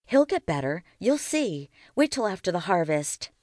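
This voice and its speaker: A woman reading aloud and voicing a stubborn, loyal ten-year-old boy in a lifted, softer voice. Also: very animated, normal speed, no echo, studio quality. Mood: pleading. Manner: higher and softer boyish voice.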